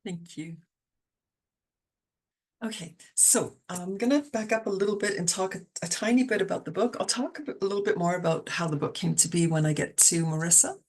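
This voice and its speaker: A woman's voice: on the low side, a little fast. A woman from Canada hosting an online poetry reading, talking casually with fillers and restarts.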